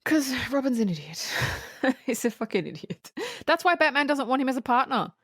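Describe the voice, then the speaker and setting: A woman co-hosting a casual movie-review podcast, recapping the plot in an animated way with frequent swearing and laughter. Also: sits high, normal speed, no room sound, clean studio sound. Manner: animated storytelling, swears freely, laughs often. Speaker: podcast co-host.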